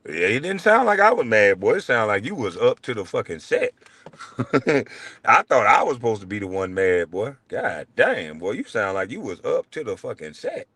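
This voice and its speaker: A middle-aged man hosting his show, ranting in a blunt, profane way and swinging between low mutters and loud outbursts. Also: wildly swooping pitch, normal speed, husky, no room sound. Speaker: show host. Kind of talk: heated livestream rant.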